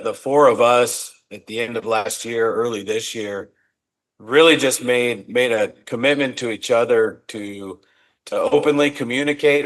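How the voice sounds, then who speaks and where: A man being interviewed on a podcast as a company executive, speaking in an earnest, reflective way and often restarting his words. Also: mid-range voice. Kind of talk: casual interview talk.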